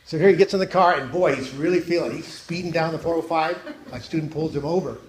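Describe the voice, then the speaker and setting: Man telling jokes in an echoey hall. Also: quick pace. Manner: deadpan storytelling, drops low and quiet for punchlines. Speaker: stand-up comedian. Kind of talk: stand-up joke telling. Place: church hall. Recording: echoey hall, faint noise.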